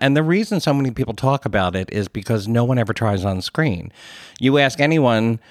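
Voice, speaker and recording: A man's voice: on the low side, dry recording. Man with a Philly accent, podcast co-host, chatty and self-deprecating, dry close mic. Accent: Philadelphia. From Philadelphia area. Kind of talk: casual podcast chat. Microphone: podcast studio mic.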